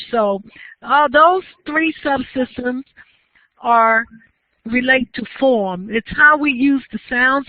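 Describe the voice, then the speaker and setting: A woman lecturer talks her class through the material in a steady, explanatory way and stops to ask the students questions. Her voice is dry and close, with no room around it. It comes through a narrow, tinny, phone-like channel. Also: sits high, no room sound. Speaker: university lecturer.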